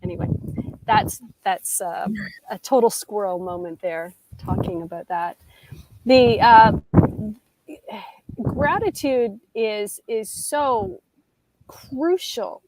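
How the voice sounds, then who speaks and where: A Canadian woman talking casually on a live video call from outdoors, chatty and quick to laugh at herself. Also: mid-range voice, background noise. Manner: chatty, laughs easily, self-deprecating. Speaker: guest coach. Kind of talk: casual live-stream chat. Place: outdoors in nature.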